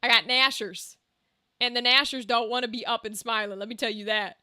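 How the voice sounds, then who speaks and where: A woman's voice: fairly high pitch, steady tone, brisk, bright, forceful tone, no room sound, clean studio sound. A young woman game streamer chatting casually with viewers, brash and teasing, swearing freely and laughing often into a desk microphone.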